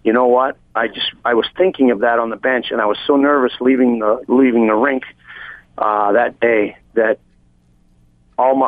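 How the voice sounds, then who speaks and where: A man's voice: mid-range voice, dry recording. Male phone-in guest, rambling sincere anecdote teller, phone-quality audio with no room sound. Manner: rambling, heartfelt storyteller with many restarts. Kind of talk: telling a long personal anecdote on a phone interview. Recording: tinny dry phone line.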